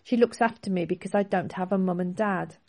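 A woman's voice: fairly low pitch, a little fast, warm tone. A woman voicing a poor, ashamed boy who stammers and pleads, in a storybook reading. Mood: pleading.

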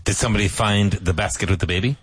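A man co-presenting a radio English lesson, explaining calmly and slipping in deadpan jokes. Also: on the low side, fast talker, husky, dry recording.

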